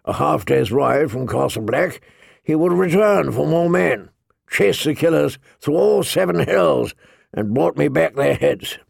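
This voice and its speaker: A man voicing an impatient, gruff old military commander who growls his words. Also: a little high, lively intonation, unhurried, no room sound, clean studio sound, exaggerated voice. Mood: scornful.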